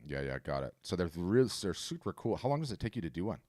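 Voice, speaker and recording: Man, very deep voice, webinar host, casual coaching, emphatic, repeats himself, video call. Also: big pitch swings, a little mellow. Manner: emphatic, repeats words, quick to advise.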